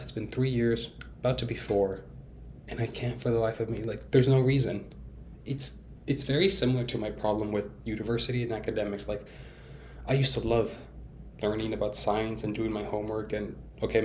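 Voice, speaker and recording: A young man with a slightly low voice rambles candidly to camera in a casual vlog. He restarts sentences often, leans on fillers, and teases himself as he talks. A faint room noise sits behind him. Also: darkish tone. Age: young adult. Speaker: vlogger.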